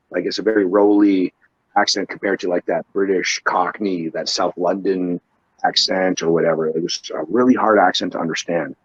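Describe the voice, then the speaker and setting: A man's voice: sits low, slightly rough, dry recording, highs cut off. A man, a wrestler and trainer, telling stories in a casual interview, rambling with frequent restarts and casual swearing.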